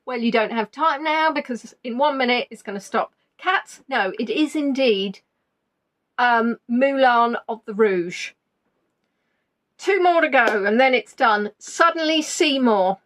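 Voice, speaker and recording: Lady running a quiz, high voice, chatty and teasing, repeats the answers. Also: expressive, a little slow, fairly bright tone. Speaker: quiz host. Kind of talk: live online quiz chat.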